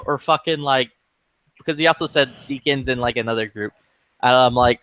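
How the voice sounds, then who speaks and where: A man telling friends a long angry story in a profane, animated, fast-building rant. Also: mid-range voice, no room sound. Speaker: chat participant telling a story.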